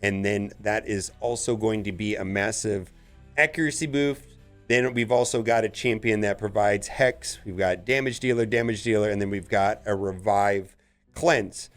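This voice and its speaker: A man's voice: fairly low pitch, normal speed, soft background music. Chatty man commenting on gameplay. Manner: chatty, gets loudly excited over good rolls. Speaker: gaming channel host.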